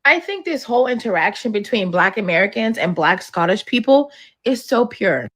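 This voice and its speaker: A woman's voice: mid-range voice, sing-song, normal speed, a bit bright. A woman talking in a chatty, enthusiastic way in a social media clip.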